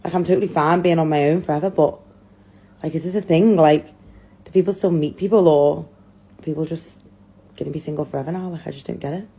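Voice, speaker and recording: Woman, husky, mellow, hesitant, lots of fillers, confessional vlog. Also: sits low, fairly even intonation, quick pace.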